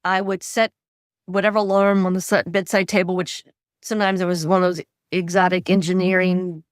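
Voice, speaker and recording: A middle-aged woman, a guest author, telling stories in an animated way and acting out quoted dialogue. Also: fairly low pitch, brisk, clean tone, no echo, clean studio sound. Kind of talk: conversational storytelling.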